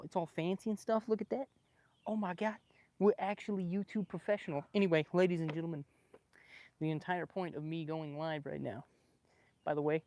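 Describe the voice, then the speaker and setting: A man livestreaming casually from his backyard with a small clip-on microphone, excitable and joking with his viewers. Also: a little high, dry recording. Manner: excitable, laughing, swearing, chatting with viewers. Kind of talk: casual live stream chat. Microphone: small clip-on microphone with a phone.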